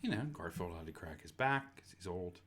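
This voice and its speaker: Animated low-voiced man in casual chat. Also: fairly quick. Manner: enthusiastic, swears often. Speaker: podcast co-host.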